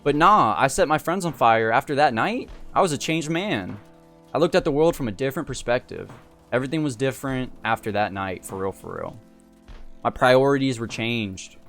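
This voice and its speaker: A man's voice: mid-range voice, animated, fairly quick, fairly bright tone, faint music behind. Slangy, laid-back young man telling a story. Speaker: storyteller host. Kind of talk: casual storytelling.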